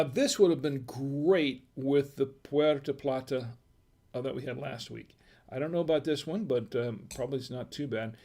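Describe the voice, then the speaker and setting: A man hosting a live-stream wine tasting, chatting casually in a rambling, halting way with self-deprecating humor. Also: medium pitch, creaky, a little mellow.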